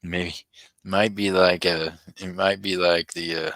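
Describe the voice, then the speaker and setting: A man's voice: sits low, little pitch movement, moderate pace, fairly bright tone, no room sound, low-quality recording. A middle-aged man, hosting a live-stream auction in a chatty way, reading viewer comments aloud and chuckling often. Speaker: livestream auction host. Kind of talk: casual live-stream chat.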